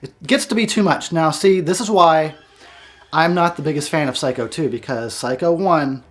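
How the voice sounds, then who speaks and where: A man's voice: a little high, normal speed. A man giving a casual movie review, swearing freely and often breaking into laughter. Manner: giggly, profane, breaks into laughter.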